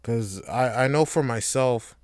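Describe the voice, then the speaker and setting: A man's voice: medium pitch, unhurried, a little mellow, dry recording. A young man hosting a casual solo podcast, loose and rambling, swearing freely. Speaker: podcast host.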